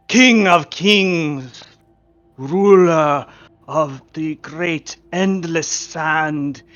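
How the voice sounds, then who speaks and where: A man voicing an ancient mummified male herald who makes slow, grandiose proclamations. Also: fairly high pitch, a bit bright, no room sound. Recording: dull lo-fi recording.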